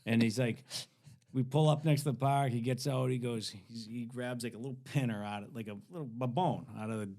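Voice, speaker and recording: A man in his forties, a podcast guest, telling a story casually in a rambling, profane, animated way with many restarts. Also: medium pitch, a little fast.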